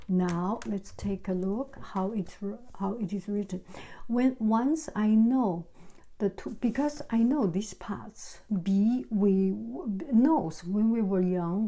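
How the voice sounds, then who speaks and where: A woman teaching how characters are written, speaking softly and often half-whispering as she works. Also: mid-range voice, low-quality recording. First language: Chinese. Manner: soft, often half-whispered while writing. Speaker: calligraphy teacher. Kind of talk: slow explanatory tutorial. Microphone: camera on tripod.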